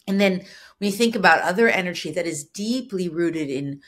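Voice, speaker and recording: A woman teaching in a solo podcast, earnest and explanatory, with a husky voice that is soft yet firm, now and then acting out short quoted lines. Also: lowish voice, animated, moderate pace. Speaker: spiritual business coach.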